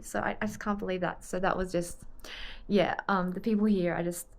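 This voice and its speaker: A woman's voice: lowish voice, flat delivery, fairly quick, vocal fry. Chatty Australian woman vlogging. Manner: chatty, rambling, easily sidetracked. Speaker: vlogger and triathlete. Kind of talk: casual chat to camera.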